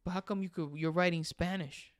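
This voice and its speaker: A young man hosts a casual livestream, chatting with viewers and reading their comments aloud. He switches easily between English and Spanish in an animated way. His voice sits a little high, smooth and clear, recorded dry and close. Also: brisk, no echo. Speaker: livestream host.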